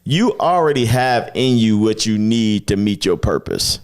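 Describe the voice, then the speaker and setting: A man, a guest pastor, telling stories and preaching on a podcast, his voice climbing high as he gets fired up. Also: measured pace, clean tone. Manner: animated, rising to high excited pitch while preaching.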